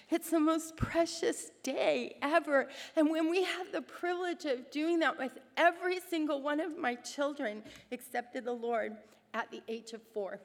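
Middle-aged woman, high voice, animated storyteller, faith talk to mothers, long hall reverb. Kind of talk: faith-based talk with personal stories.

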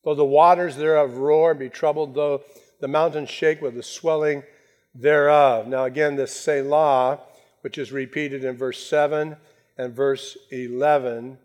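A man preaching a sermon, slowing down to stress his key phrases. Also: a little high, steady tone, a little mellow. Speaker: pastor.

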